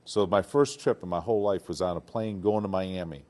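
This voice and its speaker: In a relaxed interview, a retired football player from Detroit, now older, spins animated stories in a deep voice at a fairly quick clip. He laughs a lot and acts out other people's words as he goes.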